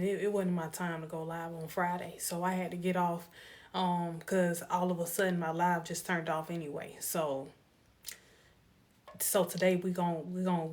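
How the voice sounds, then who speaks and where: A woman with a mid-range voice hosts a casual live stream recorded on a phone. She greets viewers one at a time and shares motivational thoughts in a tired, laid-back manner.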